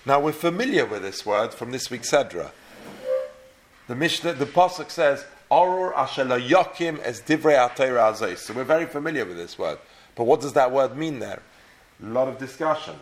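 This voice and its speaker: A man's voice: mid-range voice, animated, fairly quick. Guy giving a torah class, explains step by step, ashkenazi hebrew sound. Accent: Ashkenazi Hebrew pronunciation. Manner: questioning, explanatory, mixes Hebrew terms. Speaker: Torah teacher. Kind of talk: Talmud class lecture.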